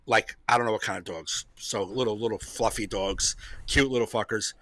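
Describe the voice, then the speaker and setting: A man's voice: on the low side, normal speed, fairly bright tone, dry recording. A man hosting a comedy podcast, telling a rambling story in casual chat, repeating himself and laughing often.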